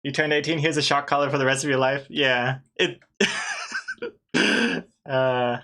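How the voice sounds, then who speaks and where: A man's voice: mid-range voice, a little slow, bright, forceful tone. A man casually chatting on a live art stream while he draws, rambling, trailing off and laughing often. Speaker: artist streaming while drawing.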